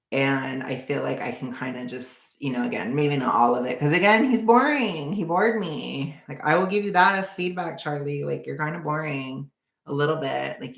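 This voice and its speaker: A woman's voice: deep voice, gravelly, fairly bright tone. A young adult woman streaming casually, reading viewer comments and reacting in a blunt, sarcastic way. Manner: blunt and sarcastic, laughs often. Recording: echoey room.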